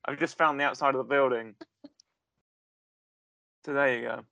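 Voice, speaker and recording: A man's voice: mid-range voice, fairly even intonation, moderate pace, creaky, bright, forceful tone, no room sound, highs cut off. A British man co-hosting a casual chat, rambling and jokey, often hesitating while he hunts for a word. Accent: British English. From England. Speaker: podcast co-host.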